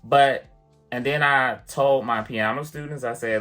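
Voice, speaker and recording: A man vlogging, chatty and animated as he tells a personal story to the camera, full of casual fillers. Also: medium pitch, measured pace, faint music behind. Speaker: vlogger and piano teacher.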